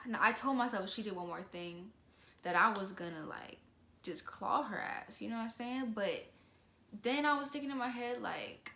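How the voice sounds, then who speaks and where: Slangy young woman telling a story, gravelly. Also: fairly high pitch, normal speed, reverberant. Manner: animated, slangy, expressive storytelling. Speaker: vlogger. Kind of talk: casual storytime.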